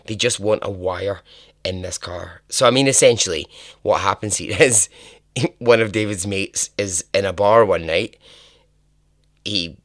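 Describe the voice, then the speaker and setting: A man's voice: on the low side, fairly bright tone, no echo, clean studio sound. A man hosting a podcast, telling a true-crime story in a casual, chatty way, laughing and swearing now and then. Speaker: podcast host.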